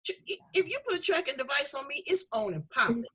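A woman's voice: high-pitched, expressive, brisk, a bit bright, low-quality recording. A middle-aged woman hosting a talk show, chatting in a candid, folksy, emphatic way. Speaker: show host. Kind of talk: casual talk-show conversation.

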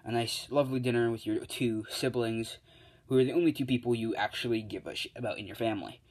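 A young man at home late at night tells his fan story off the cuff, full of fillers, restarts and hummed placeholder sounds. His voice sits at a middling pitch. He records on a handheld device. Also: fairly even intonation, fast, darkish tone. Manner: rambling, filler-heavy, hums placeholder sounds. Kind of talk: casual spoken fan story. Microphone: tablet or other handheld device.

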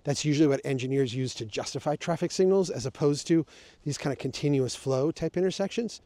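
A man's voice: fairly high pitch, a little fast, warm tone, no echo. A man explaining his point of view in a casual vlog, talking conversationally with emphatic, sarcastic asides. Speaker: urban planning advocate.

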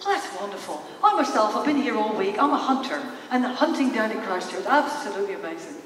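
A woman's voice: medium pitch, sing-song, quick pace, a little hiss or hum, close to an everyday voice. Woman doing a chatty Irish hunter, cheerful and effusive, echoey hall. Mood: jovial. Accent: Irish, put on. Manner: jovial, gushing. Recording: echoey hall, distant mic.

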